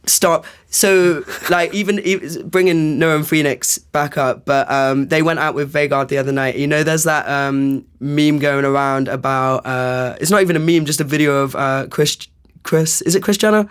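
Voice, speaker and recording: A man's voice: fairly high pitch, steady tone, moderate pace, clear, resonant tone. A man from England as a podcast guest, chatting casually with many hesitations and jokes. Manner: hesitant, many fillers, joking. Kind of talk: casual chat.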